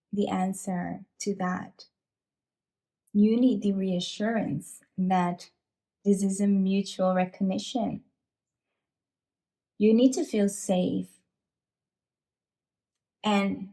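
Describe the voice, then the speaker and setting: A woman giving an emotional pick-a-card tarot reading, sighing and halting with many restarts as she speaks to her viewers. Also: mid-range voice, dark tone. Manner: speaks directly to viewers, calling them you guys. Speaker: tarot reader.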